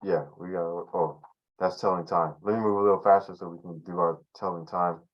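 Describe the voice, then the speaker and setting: Male teacher, lowish voice, easygoing and rambling over a dull lo-fi video call. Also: steady tone, brisk. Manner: loose and conversational, many fillers and restarts. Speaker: language teacher. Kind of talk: casual online class teaching.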